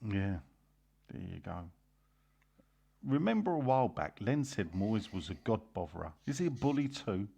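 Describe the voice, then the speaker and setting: Gravelly-voiced man hosting a podcast. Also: on the low side, sing-song, normal speed, long pauses, mellow. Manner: reads messages aloud, dry banter. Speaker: podcast host reading listener messages. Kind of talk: casual football podcast chat.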